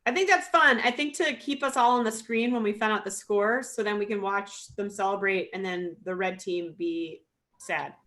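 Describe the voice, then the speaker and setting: A woman's voice: mid-range voice, moderate pace, fairly bright tone. A woman hosting an online improv comedy match over a video call, upbeat and playful.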